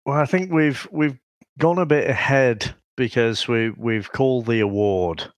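A man's voice: mid-range voice, unhurried, no echo, studio quality. A man from the UK co-hosting a podcast, telling stories casually and laughing. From United Kingdom. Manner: laughing, storytelling, restarts. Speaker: podcast co-host. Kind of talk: casual chat.

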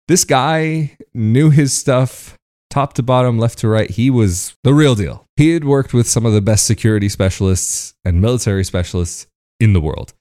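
A man's voice: fairly low pitch, warm tone. A man from the United States talking casually to camera as a video host, chatty and often laughing between points.

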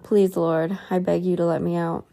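A woman's voice: lowish voice, little pitch movement, normal speed, creaky, warm tone. A woman reading the lines of a bitter, self-righteous damned woman who pleads for release. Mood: pleading.

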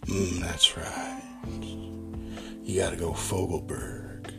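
A man voicing a male vocal coach who croons in a slow, hushed, breathy late-night radio purr. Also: low voice, steady tone, over music, voice pushed down, full character voice. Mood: seductive hush.

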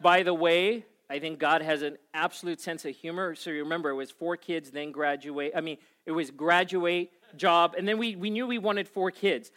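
Forties guy preaching, bit high voice, telling a story and getting really into it. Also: moderate pace, few pauses. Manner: animated storytelling, acting out his own panic. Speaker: pastor. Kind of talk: sermon.

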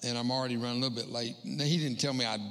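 Middle aged guy cracking self-deprecating jokes while telling his story from the pulpit, bright punchy voice, long echo like a big church. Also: mid-range voice, fairly even intonation. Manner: jokey storyteller, quick punchlines, self-mocking. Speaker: guest speaker. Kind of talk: humorous testimony in a church. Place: church hall. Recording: long hall reverb.

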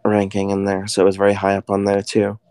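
A man's voice: lowish voice, monotone, fast, darkish tone, smooth, no room sound, studio quality. A man co-hosting a podcast, chatting casually with short, agreeable remarks. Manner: brief, agreeable interjections. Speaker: podcast co-host. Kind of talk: casual chat.

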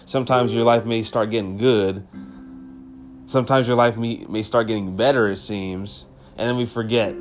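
A man's voice: on the low side, fairly even intonation, normal speed, soft background music. A man hosting a devotional podcast episode, speaking earnestly and with emotion, repeating key phrases for emphasis. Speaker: podcast host.

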